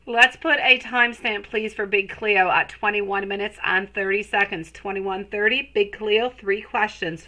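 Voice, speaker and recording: Bright-voiced woman reading tarot live. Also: medium pitch, rough recording. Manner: affectionate, calls viewers sweetie; chatty, rambling with restarts. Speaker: tarot reader.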